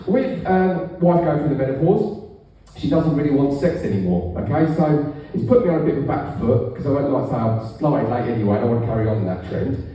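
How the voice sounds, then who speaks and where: A middle-aged man doing a stand-up routine, telling stories in a deadpan way with raunchy punchlines, on a comedy club stage. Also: medium pitch. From England. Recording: echoey room, far from the mic.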